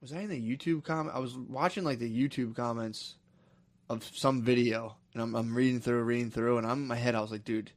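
A man telling a story in casual podcast chat, swearing and animated. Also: mid-range voice, brisk, dry recording. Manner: profane, animated storytelling with acted quotes. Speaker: podcast co-host.

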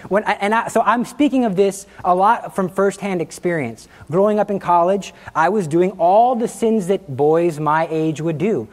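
Animated man telling a faith story. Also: sits high, moderate pace, hardly any pauses. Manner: animated, acts out quotes, laughs at himself. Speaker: Catholic speaker giving a testimony. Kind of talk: informal talk with personal storytelling.

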